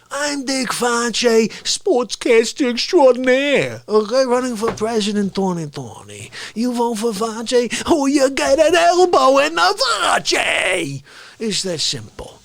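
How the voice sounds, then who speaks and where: A man voicing a blustery, self-important male sportscaster parody who shouts and drags out his words in a mock comic impression. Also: very high-pitched, sing-song, gravelly, voice pushed up, heavily acted. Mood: boastful. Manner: shouting, drawn-out bragging.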